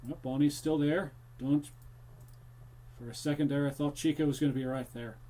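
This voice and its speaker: A young man with a warm, steady, somewhat high voice talks at normal speed during a live horror-game stream. His casual commentary is directed at viewers, and he occasionally drifts into a comic pirate-style accent.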